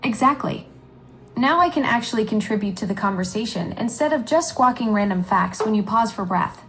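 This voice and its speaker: A woman's voice: fairly high pitch, lively intonation, fairly bright tone, a little hiss or hum, poor audio. Chipper female AI assistant voice. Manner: chipper, eager, quick to apologize. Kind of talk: conversational AI replies.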